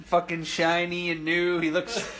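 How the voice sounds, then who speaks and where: A man's voice: sits high, a little slow. A man co-hosting a podcast, telling a profane story in a casual chat and laughing as he goes. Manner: profane, animated, laughs while telling stories. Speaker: podcast co-host.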